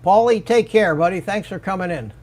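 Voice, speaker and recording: An older man with a high-pitched, somewhat dark voice speaks fairly quickly while hosting a hobby livestream over a video call. It's a casual panel chat, and he keeps restarting his sentences.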